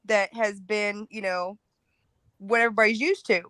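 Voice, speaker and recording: A woman's voice: medium pitch, moderate pace, bright, forceful tone, no room sound. A woman with a Southern US accent, a guest on a casual panel discussion, talking candidly and laughing easily. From Alabama, US South.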